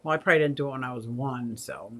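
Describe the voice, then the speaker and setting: A woman's voice: a bass voice, fast talker, slightly rough. A woman in her sixties hosting a casual livestream, chatty, laughing often and reading viewer comments aloud. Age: 60s. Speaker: aquarium channel host.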